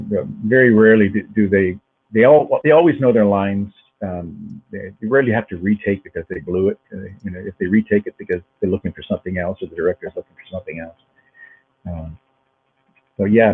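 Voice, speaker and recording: A man's voice: sits low, slight background noise. A man in his sixties, a guest actor, telling rambling anecdotes in a casual interview, often repeating words as he goes. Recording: phone-like narrow line.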